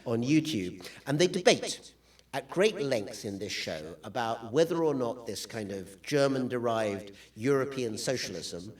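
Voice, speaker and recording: A man lecturing to an audience from slides, with a dry, wry sense of humor and plenty of hesitant fillers. His voice sits at an ordinary middle pitch for a man. He sounds set back from the microphone. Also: sing-song, measured pace, far from the mic. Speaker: guest lecturer.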